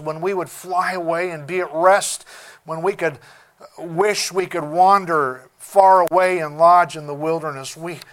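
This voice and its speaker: Male preacher, high-pitched and emphatic, restarts phrases as he goes. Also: fairly bright tone. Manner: emphatic, deliberate, repeats words while searching. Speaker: pastor. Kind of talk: sermon.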